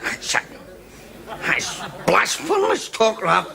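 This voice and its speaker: An actor playing a fretful, earnest Scottish drinker in a sitcom. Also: male voice, high-pitched, huge pitch swings, slow, vocal fry, pushed and bright, a faint crowd, heavily acted. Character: fretful, gloating middle-aged drinker. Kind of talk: sitcom acting. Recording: sitcom with audience laughter.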